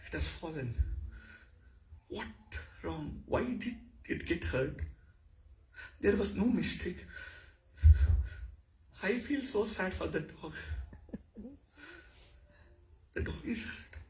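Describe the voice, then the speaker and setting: A man's voice: sits high, expressive, slow pace, long pauses, echoey room, recorded from a distance, voice pushed up, full character voice, low-quality recording. A man playing a tearful, grieving mourner. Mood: sorrowful. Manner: soft, tearful, breathy. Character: grieving person upset over a hurt dog.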